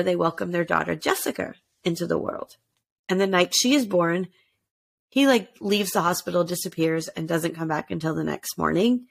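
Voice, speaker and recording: A woman with a gravelly, creaky edge to her voice tells a story in a loose, chatty way. She jumps up and down in pitch to act out what people said, then drops back to her everyday voice. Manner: chatty, acts out quotes with shifts in pitch. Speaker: podcast host telling a true-crime story. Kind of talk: casual storytelling chat.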